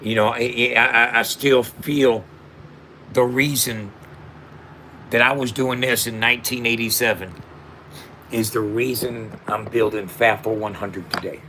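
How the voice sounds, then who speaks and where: A man's voice: mid-range voice, steady tone, measured pace, sharp tone, a little hiss or hum. A man in his fifties, a rapper and founder, speaking straight to camera in a heartfelt, emphatic monologue full of slang and repeated asides. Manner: emphatic, repetitive, street slang, emotional.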